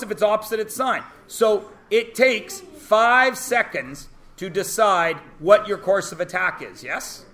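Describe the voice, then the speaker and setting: A male math teacher with a high, bright voice, lecturing a class in a classroom. He talks briskly and teases his students, and he keeps checking in with rhetorical questions.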